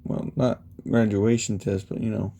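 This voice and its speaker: A man's voice: lowish voice, flat delivery, normal speed, vocal fry, warm tone. A man casually retelling a fan story, rambling along with lots of fillers. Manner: rambling, heavy use of "you know" and "he's like".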